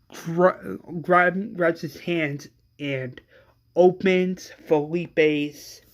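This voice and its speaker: A man casually retelling an imagined episode as a fan, excitable and profane. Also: a little high. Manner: excitable and profane, with many restarts. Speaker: fan storyteller.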